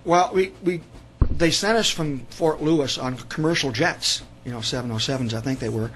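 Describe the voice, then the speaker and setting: A Vietnam veteran and author in his sixties is a guest in a radio studio interview, rambling through his stories and often repeating words. His voice is fairly high and fairly bright at normal speed, and the audio is poor.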